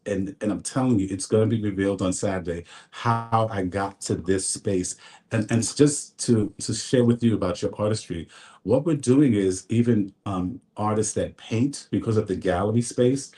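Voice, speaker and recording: A man's voice: fairly low pitch, normal speed, warm tone. A man, a fashion designer, earnestly telling his story on a radio talk show in a studio. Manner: storytelling, earnest, faith-filled. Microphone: studio mic.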